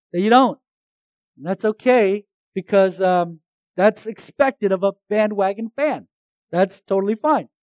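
High-voiced preacher, dry close sound. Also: male voice, no echo, rough recording. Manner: swings between loud emphatic lines and hushed earnest ones; jokes with the congregation between points. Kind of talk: sermon.

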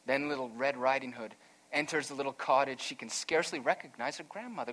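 A pastor preaching an earnest, emphatic sermon, weaving in a storytelling aside. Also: male voice, medium pitch, brisk, fairly bright tone.

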